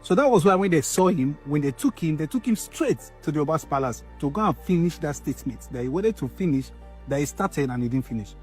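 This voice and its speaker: A man giving measured commentary, explaining step by step. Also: fairly high pitch, expressive, a little mellow, soft background music.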